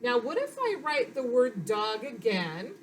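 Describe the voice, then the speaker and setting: A woman teacher leads a phonics lesson for young children, sounding out each letter slowly and patiently. Her encouraging delivery is unhurried, with a faint hiss of background noise. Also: a little high, wildly swooping pitch.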